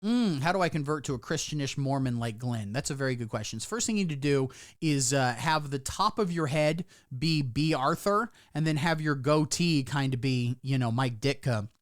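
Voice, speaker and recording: A man's voice: medium pitch, moderate pace, few pauses, no room sound, studio quality. A man giving casual live-stream commentary, sarcastic and rambling, swearing freely. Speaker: livestreamer.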